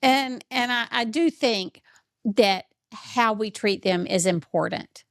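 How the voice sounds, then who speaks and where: A woman hosting a podcast, talking in a lively storytelling way and acting out quotes. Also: a little high, slow pace, no echo, studio quality. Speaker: podcast host. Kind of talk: podcast conversation.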